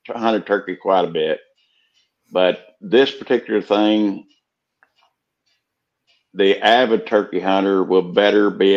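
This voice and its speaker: Older male guest, low voice, measured and halting delivery, muffled lo-fi recording. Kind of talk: casual storytelling.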